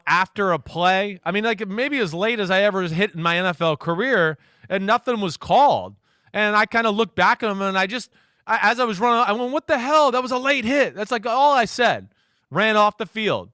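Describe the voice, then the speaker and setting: A man in his forties, a former quarterback, telling a story as a guest on a radio talk show and acting out quotes loudly. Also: on the high side, smooth, dry recording, clean studio sound. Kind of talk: casual radio interview.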